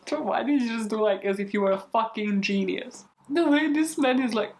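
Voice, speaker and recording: This woman hosts a true crime YouTube channel and chats casually in outtakes, giggling, poking fun at herself and swearing freely. Her voice sits a little high, lively but unhurried.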